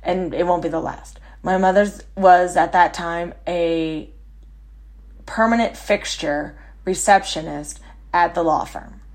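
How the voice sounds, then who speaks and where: A woman hosting a podcast, telling stories in a chatty, self-mocking way with quick asides. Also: lowish voice. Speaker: podcast host. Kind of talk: casual storytelling monologue.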